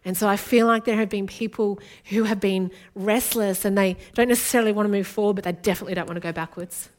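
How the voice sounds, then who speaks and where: A woman's voice: mid-range voice, fairly even intonation, fast, a little mellow. A woman, from Australia, preaching an earnest and intimate sermon as a guest speaker.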